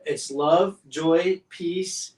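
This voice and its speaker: A man's voice: a little high, extremely slow, darkish tone, echoey room, far from the mic, rough recording. A man co-hosting a faith discussion podcast, talking earnestly and fervently with many restarts. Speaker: podcast co-host.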